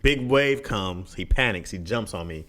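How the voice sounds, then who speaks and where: A man's voice: lowish voice, animated, normal speed, a bit bright. Laid-back man with dry humor. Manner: laid-back storyteller, dry humor, laughs through anecdotes. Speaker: podcast co-host. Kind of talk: casual chat.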